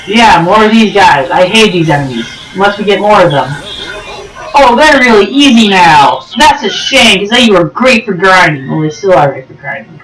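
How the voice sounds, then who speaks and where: A man giving chatty, excitable let's-play commentary over a video game, sometimes pleading and whiny. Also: sits high, normal speed, distant mic. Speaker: gaming YouTuber. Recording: echoey room with game music behind. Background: game music.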